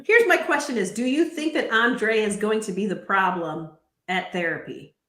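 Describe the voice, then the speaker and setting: A woman's voice: medium pitch, moderate pace, a bit bright. A woman co-hosting a casual recap chat, giggly and retelling scenes. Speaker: co-host. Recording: echoey room.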